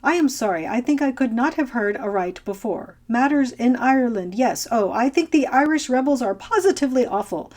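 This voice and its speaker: A woman voicing a fussy, anxious elderly gentleman who talks in a prim, fretful, genteel way. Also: on the high side, expressive, fairly quick, few pauses.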